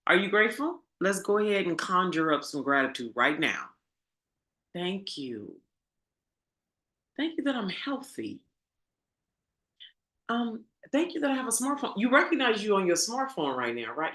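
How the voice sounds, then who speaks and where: A woman's voice: mid-range voice, pushed and bright. A woman coach giving a casual motivational monologue, emphatic and preachy, swearing and calling her viewers girl. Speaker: spiritual coach. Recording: echoey room.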